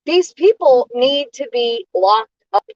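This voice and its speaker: A woman vlogging a casual monologue, airing grievances in an indignant rant that stops and restarts in halting pauses. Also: high voice, expressive, dry recording, muffled recording.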